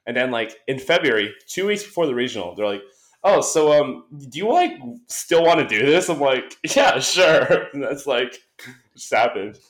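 A man's voice: medium pitch, lively intonation, normal speed. A young man chats as a podcast guest, animatedly telling a story and putting on voices for the people he quotes. His voice sits in a middling register and carries a noticeable echo from the room. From United States. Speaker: guest, esports caster. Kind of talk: casual podcast chat. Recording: echoey room sound.

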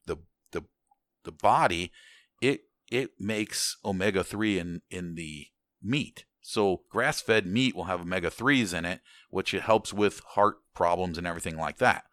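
A very deep-voiced American man talking in loose, casual conversation. He rambles, restarts his sentences often, and swears offhandedly. The sound is dry and close. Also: a bit bright, no room sound. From United States. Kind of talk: casual chat.

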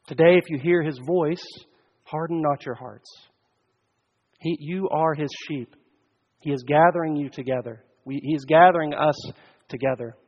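Slow-preaching pastor in a reverberant church. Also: male voice, on the high side. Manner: slow, earnest preaching that swells loud and drops to near-quiet. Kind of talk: sermon. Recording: dull sound, long church reverb.

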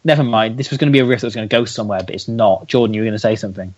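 A man's voice: fairly low pitch, fairly even intonation, racing, darkish tone, highs cut off. A man co-hosting a podcast, joking and sarcastic in casual banter. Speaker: podcast co-host.

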